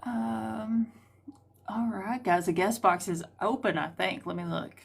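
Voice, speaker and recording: A woman's voice: mid-range voice, fairly even intonation, a little slow, vocal fry, husky. A woman with a rural Southern US accent hosting a live call-in stream, chatty and rambling with many ums. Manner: chatty, rambling, full of ums and trailing thoughts. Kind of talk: casual live-stream chat.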